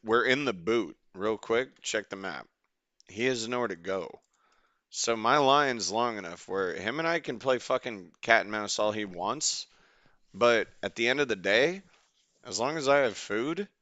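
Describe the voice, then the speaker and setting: Young male streamer, rambling excitable commentary, low gravelly voice, close dry sound. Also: no echo. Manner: rambling, excitable, swears casually. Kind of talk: casual gameplay commentary.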